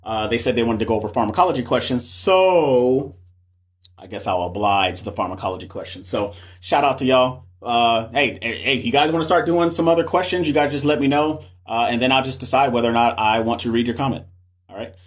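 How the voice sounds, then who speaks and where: Speaking a little fast in a mid-range, slightly bright voice, this male nurse educator hangs out with viewers on a live stream via phone or webcam. His manner is loose and slangy, he repeats himself a lot, and he addresses chat directly.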